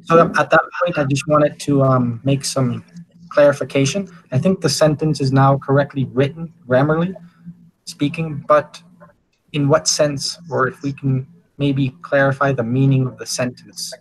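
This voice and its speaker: A man's voice: mid-range voice, steady tone, moderate pace, rough recording. Man teaching on a video call. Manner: encouraging, hesitant with fillers. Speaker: English teacher. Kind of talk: online class feedback.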